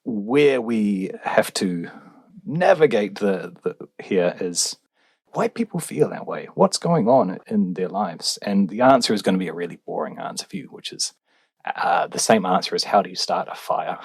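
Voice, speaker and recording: A man's voice: on the low side, expressive, normal speed, husky, no room sound. A male relationships researcher, answering podcast questions in a wry, explanatory way with fillers.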